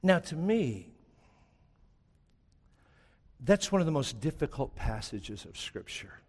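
A man preaching a sermon, retelling a story dramatically, swinging from loud to hushed. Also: medium pitch, sing-song, takes it slowly, breathy edge, big-room sound. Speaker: pastor.

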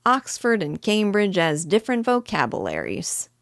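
A woman's voice: mid-range voice, wildly swooping pitch, moderate pace, no room sound, clean studio sound, pitched above the performer's own voice. A woman doing a cheeky cockney burglar. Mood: gruff. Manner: dropped aitches, drawling slang.

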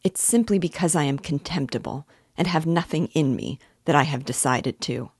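A woman's voice: low voice, moderate pace, darkish tone, breathy edge, dry recording, clean studio sound. A woman reading the lines of a tormented, proud young man in a novel, brooding and at times furious. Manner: brooding, bursts into fury.

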